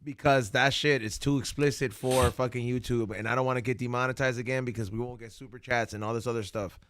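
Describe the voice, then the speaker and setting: A man's voice: mid-range voice, fairly even intonation, quick pace, a bit bright, no room sound, clean studio sound. A man hosting a podcast, talking casually and plugging the show's membership in a loose, rambling way. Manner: laid-back, rambling. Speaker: podcast host. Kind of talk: casual chat and sponsor plugs. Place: podcast studio.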